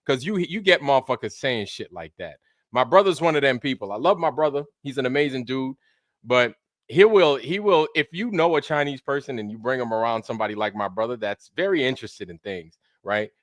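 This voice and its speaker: A man from Brooklyn, New York runs a casual livestream, saying hello to viewers with loose profanity and the odd put-on voice. He speaks at medium pitch with lively intonation and a fairly quick pace, in a dry, clean studio recording.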